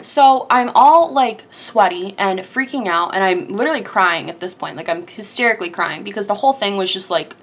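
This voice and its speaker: In a storytime vlog, a young woman dramatically retells something that happened to her, breathless and gushing, with "like" everywhere. Her medium-pitched voice is animated and a little fast, with few pauses.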